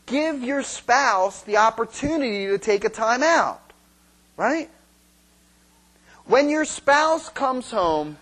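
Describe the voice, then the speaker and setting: With a very high, somewhat bright voice, a preacher delivers a conversational sermon about marriage. He questions his congregation and plays out quarrels by voicing each side.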